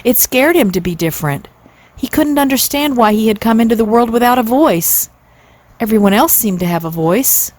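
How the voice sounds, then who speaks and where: A woman in her sixties reading a classic children's book aloud in a gentle, steady way. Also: fairly high pitch, normal speed, no room sound. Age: 60s. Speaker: storyteller, channel host.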